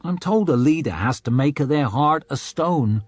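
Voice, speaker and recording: A boyish young crown prince, flippant and quick to mock himself, as a male narrator acts him out. He sounds lively and a touch husky, raised above the narrator's own pitch, in a dry, close recording with faint music behind. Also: dry recording. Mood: rueful. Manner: flippant, self-deprecating.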